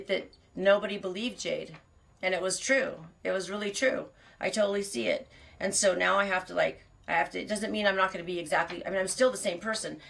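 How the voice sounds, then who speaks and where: Fast-talking gravelly woman confiding. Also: medium pitch, fairly bright tone. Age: middle-aged. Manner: rambling, self-interrupting and candid. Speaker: podcast host. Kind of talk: personal confessional monologue.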